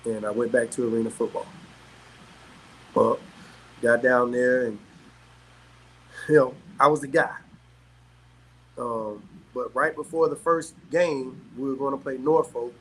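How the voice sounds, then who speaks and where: A middle-aged man from South Carolina, telling stories as a guest in casual chat, animated and quick to laugh. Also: mid-range voice, breathy edge, low-quality recording. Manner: animated, laughs often, peppers talk with "man". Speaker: guest, former pro athlete. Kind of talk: casual storytelling.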